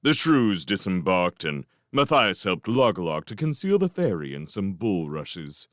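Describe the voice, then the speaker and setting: A man narrating a storybook with an expressive, lively delivery. His voice is fairly low and moves widely in pitch. The recording is dry and close. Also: a little slow, hardly any pauses, no room sound. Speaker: audiobook reader.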